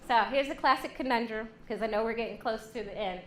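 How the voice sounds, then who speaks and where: A woman giving a lively workshop talk to a women's leadership class, joking and acting out quoted voices. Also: on the high side, fast talker. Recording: echoey room, faint hum.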